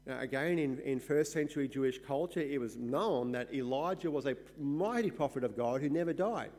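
A man, a pastor, giving verse-by-verse Bible teaching in an emphatic, explanatory way, often pausing with "uh". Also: mid-range voice, a little mellow, big-room sound. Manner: explanatory, emphatic, with frequent "uh" fillers.

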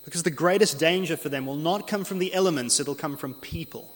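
A man's voice: on the high side, husky. Man preaching in a reverberant hall. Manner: earnest expository preaching, slows for emphasis on scripture. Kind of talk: sermon.

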